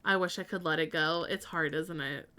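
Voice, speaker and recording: A woman's voice: low-pitched, normal speed, sharp tone. A woman streamer chatting casually while building in a game, thinking aloud and answering her chat.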